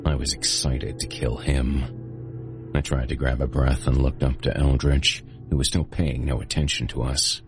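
A man hosting and narrating a horror audiobook in a steady first-person storytelling manner. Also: rumbling low, moderate pace, over music. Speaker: host and narrator.

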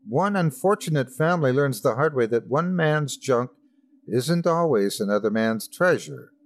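A man hosting a horror podcast, introducing the next tale in a smooth, ominous way. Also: medium pitch. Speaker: podcast host. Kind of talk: scripted introduction.

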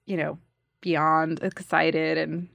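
Animated New actress guest. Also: female voice, low voice, takes it slowly, vocal fry, no room sound. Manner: animated storyteller, acts out quotes. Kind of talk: casual interview chat.

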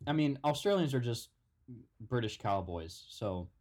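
A man co-hosting a comedy podcast, trading dry, deadpan quips in casual banter. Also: mid-range voice, unhurried. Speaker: podcast co-host.

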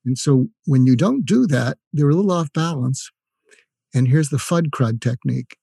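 A man's voice: medium pitch, expressive, normal speed, vocal fry, dark tone, breathy edge, dry recording, clean studio sound. An older retired man giving communication tips in an interview, explaining with examples and acted-out phrases. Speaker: guest, communication expert. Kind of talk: instructive interview talk.

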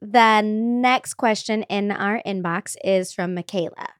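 A woman's voice: medium pitch, slow pace, clean tone, dry recording. Woman host in her thirties, chatty candid storyteller, dry close sound, mid-range voice. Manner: candid, animated storyteller with frequent fillers. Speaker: podcast host. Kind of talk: casual podcast chat.

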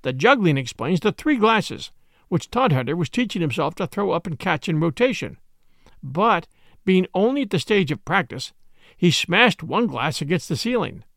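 A man doing a meek little priest sleuth in a storybook reading, his voice lifted higher than the narration and ranging lively up and down. He explains gently and placidly, with a bright eagerness. The sound is dry and close. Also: normal speed, vocal fry, no echo, full character voice. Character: mild, eager little male priest detective.

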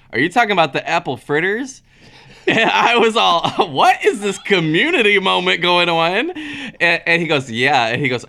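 A man's voice: mid-range voice, clear, resonant tone. A man co-hosting a comedy podcast, chatting casually and acting out the people in his stories. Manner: animated storyteller, acts out quoted voices. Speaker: podcast co-host.

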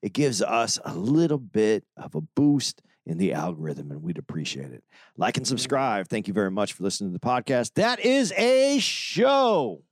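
A man's voice: lowish voice, very animated, a little fast, dry recording, clean studio sound. A man hosting a podcast, signing off in a casual, playful way. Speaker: podcast host.

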